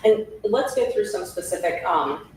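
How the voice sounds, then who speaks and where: A woman's voice: mid-range voice, expressive, moderate pace, darkish tone. A woman questioning a witness in court, persistent and rephrasing her questions. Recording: echoey room audio from far off, faint hiss.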